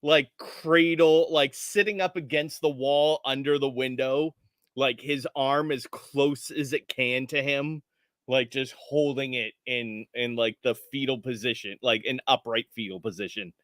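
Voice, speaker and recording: A man playing a tabletop horror game, describing his character's actions haltingly and full of fillers. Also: medium pitch, fairly even intonation, a bit bright, no echo, clean studio sound. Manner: halting, filler-heavy talk. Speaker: player. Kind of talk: casual tabletop game chat.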